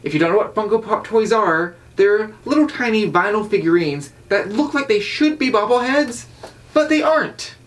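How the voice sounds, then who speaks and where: A man's voice: high voice, expressive, normal speed, far from the mic. A man co-hosting a podcast, wry and dry in his casual banter. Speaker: podcast co-host.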